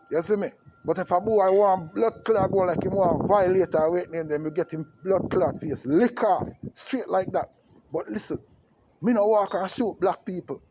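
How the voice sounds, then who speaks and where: With noise in the background, a Jamaican man whose voice sits high vlogs an impassioned political tirade straight to camera. He hammers his points through repetition and frequently checks in with tag questions.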